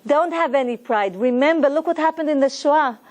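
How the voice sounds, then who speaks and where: Earnest high-voiced woman teaching. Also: brisk, darkish tone. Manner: earnest, preaching, retells stories with quoted voices. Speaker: Torah teacher. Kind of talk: lesson to a women's group.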